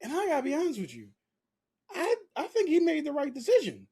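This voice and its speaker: A man as a guest on a casual movie review chat, talking in an excitable, teasing way. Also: very high voice, a little fast. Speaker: podcast guest.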